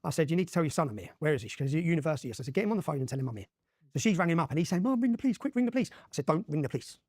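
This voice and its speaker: Guest, rapid-fire emphatic storyteller, dry room. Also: male voice, on the high side, animated, dry recording. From Luton, England. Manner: rapid, emphatic, keeps checking with "yeah?". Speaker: interview guest. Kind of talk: animated personal storytelling.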